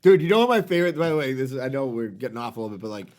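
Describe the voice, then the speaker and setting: A man co-hosting a podcast in casual chat, excitable and profane, laughing often at his own stories. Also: medium pitch, very fast. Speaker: podcast co-host.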